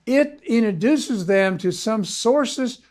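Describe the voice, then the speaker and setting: A man's voice: extremely high pitch, expressive, a little mellow. Man reading a formal church course lecture. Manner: measured, formal read-aloud delivery. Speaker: ministry consultant and course instructor. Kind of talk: scripted video lecture.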